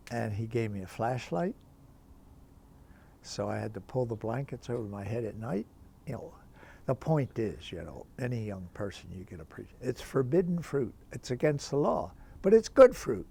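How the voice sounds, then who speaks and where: A man's voice: mid-range voice, gravelly, slight background noise. An older man, a priest, telling a chatty anecdote about a teacher, with many asides. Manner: lively, chatty, full of asides. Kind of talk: anecdotal storytelling.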